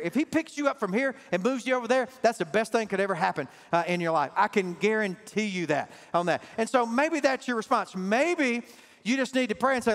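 High-voiced preacher in an echoing church. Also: male voice, expressive, a little fast, fairly bright tone. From Southern US. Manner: emphatic, calls out to the congregation. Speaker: pastor. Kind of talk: sermon. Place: large church sanctuary. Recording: reverberant church hall, faint music.

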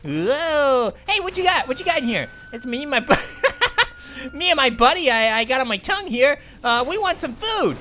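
A woman giving excitable, giggly let's play commentary, often apologizing to game characters. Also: high voice, moderate pace, slight background noise. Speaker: gaming channel host.

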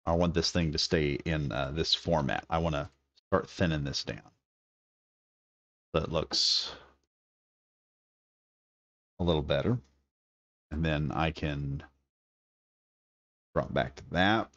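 A man's voice: very deep voice, slow pace, long pauses, a bit bright, no echo, highs cut off. A man giving casual, enthusiastic gameplay commentary, thinking aloud as he builds. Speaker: gaming video creator.

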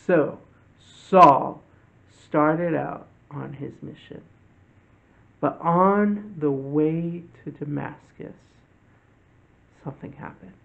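A man hosting a children's church lesson, telling a Bible story slowly and gently to kids. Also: fairly high pitch, creaky. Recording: tinny phone-like audio.

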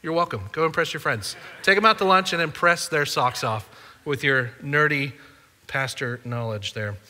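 A man's voice: on the high side, moderate pace, pushed and bright, big-room sound. A man preaching a sermon as a pastor, conversational and playful with the congregation. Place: church auditorium.

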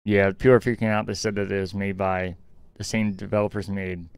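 A man co-hosting a casual gaming podcast, talking in an excitable, chatty way with lots of "like" fillers. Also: lowish voice, fairly quick, gravelly, smooth, dry recording. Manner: chatty, excitable gamer talk with frequent "like" fillers. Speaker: podcast co-host. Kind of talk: casual chat.

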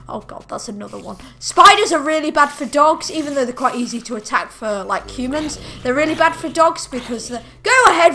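A woman giving excitable let's play commentary, often shrieking and scolding her pet dog in the game. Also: high voice. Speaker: gaming video creator.

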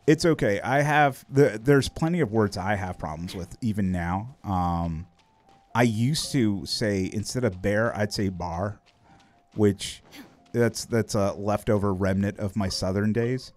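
Easygoing American man streaming, lowish voice. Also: unhurried. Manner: laid-back, chuckling, rambling with restarts. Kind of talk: casual chat on a live stream. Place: home setup near Philadelphia.

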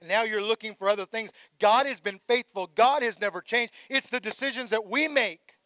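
High-voiced preaching pastor, close and dry. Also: male voice, moderate pace, no echo. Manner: preaching, swells to shouted calls for praise; drops low and quiet for reflective passages. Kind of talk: sermon.

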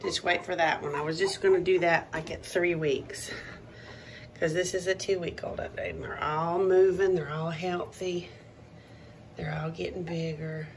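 A woman showing a litter of puppies in a casual vlog, talking softly and often dropping to a cooing whisper. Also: lowish voice, fairly even intonation, moderate pace, a little hiss or hum. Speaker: dog breeder showing puppies.

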